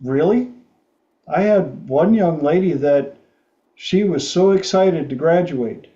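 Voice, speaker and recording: Slow-talking man telling a story. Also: fairly high pitch, expressive, mellow, highs cut off. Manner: rambling, frank, with repeated restarts. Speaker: podcast host. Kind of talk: storytelling chat.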